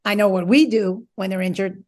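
A former college coach, appearing as a guest on a talk show, chats about sports casually and emphatically, wandering into rambling asides. Her voice sits in the mid-range with a steady, darkish tone, and she talks a little fast.

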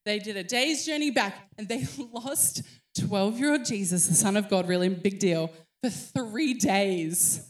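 A woman in her thirties preaching a sermon, telling a story with animated acted-out voices. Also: a little high, a little slow. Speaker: pastor.

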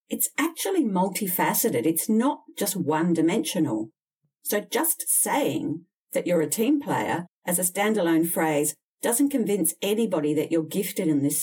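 A woman's voice: on the low side, warm tone, slightly rough, recorded from a distance. A woman coaching people on job interviews, giving direct, emphatic, candid advice in an instructional talk. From Australia.

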